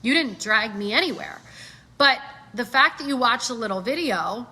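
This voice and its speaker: Woman, middle-aged, bright tone, animated casual coaching, plays out customer voices. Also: on the high side, normal speed, breathy edge. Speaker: sales trainer.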